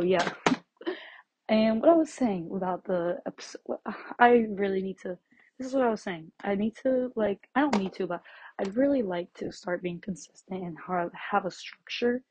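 A young woman hosting her own podcast, rambling casually and laughing often, her voice shaky and her breathing loud with anxiety as she walks around her bedroom. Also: medium pitch, moderate pace, slight background noise. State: anxious and shaky, breathing loudly. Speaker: podcast host. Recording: slightly dull, dry lo-fi home recording.

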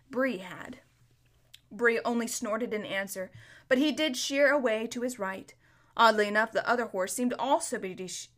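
Woman reading a storybook aloud. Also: on the high side. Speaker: narrator.

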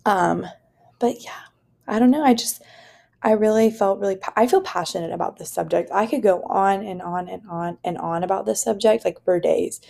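A woman's voice: mid-range voice, creaky, warm tone. A young woman hosting a solo podcast, talking in an earnest, rambling way with lots of "like" and "you know". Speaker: podcast host. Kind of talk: casual solo podcast monologue.

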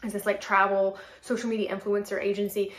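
A woman in her late twenties from North Carolina, hosting a podcast and telling a story in a chatty, animated way full of "like". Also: medium pitch, brisk, roomy sound. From North Carolina, USA. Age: late 20s. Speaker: podcast host and model. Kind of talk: casual solo chat.

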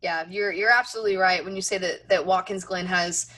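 A woman's voice: fairly low pitch, fairly even intonation, brisk, pushed and bright. A woman in her twenties co-hosting a racing talk show, chatty and self-mocking, with frequent restarts. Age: 20s. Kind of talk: casual sports chat.

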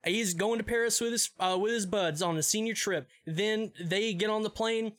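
A young man with a high-pitched voice rambles through a movie recap on a podcast. He swears constantly, restarts his sentences, and breaks into laughs mid-thought. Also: normal speed, fairly bright tone. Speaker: podcast co-host. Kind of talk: casual profane movie recap.

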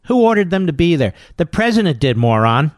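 A man's voice: a little high, sing-song, brisk, no room sound. A man hosting a talk radio show, delivering combative, scornful commentary into a studio microphone.

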